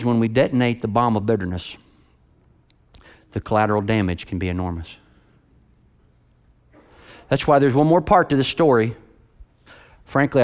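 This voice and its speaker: A male preacher delivering a sermon, swinging from loud, high emphasis to low, hushed delivery. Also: clean tone.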